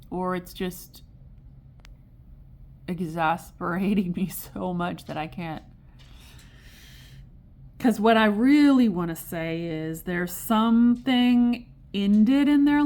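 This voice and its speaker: A woman's voice: fairly low pitch, a little mellow. A woman giving a casual tarot reading to camera, chatty and digressive, exasperated yet amused. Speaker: tarot reader.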